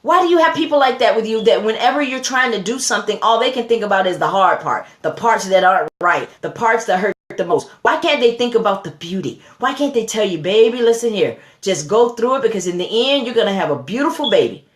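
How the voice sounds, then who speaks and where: Woman preacher, motivational sermon, repetitive rising emphasis, mid pitch, roomy echo. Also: animated, a little fast, few pauses. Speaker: motivational speaker.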